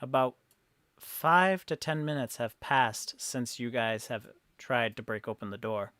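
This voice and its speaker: Calm male dungeon master. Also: medium pitch, measured pace, no room sound. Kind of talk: narrating a tabletop game.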